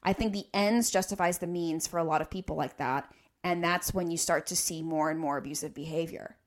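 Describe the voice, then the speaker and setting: A woman's voice: fairly low pitch, a little fast. A woman hosting a podcast, talking in an earnest, explanatory way and building careful arguments. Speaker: podcast host. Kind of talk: casual podcast discussion.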